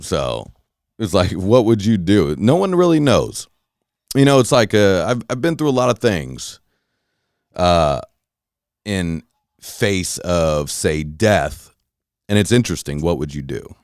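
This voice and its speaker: A deep-voiced man tells a story in a loose, animated podcast rant, swearing freely and acting out his own shouts and reactions. His voice is low and heavy. The recording is dry and close, with no room sound. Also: takes it slowly, long pauses, no room sound. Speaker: podcast host. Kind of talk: casual monologue storytelling.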